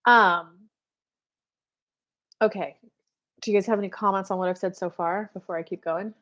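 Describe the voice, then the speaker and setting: A woman's voice: medium pitch, fairly even intonation, normal speed, fairly bright tone. A woman, a spiritual coach hosting a casual live show and chatting straight to her viewers with many fillers. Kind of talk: casual live-stream chat.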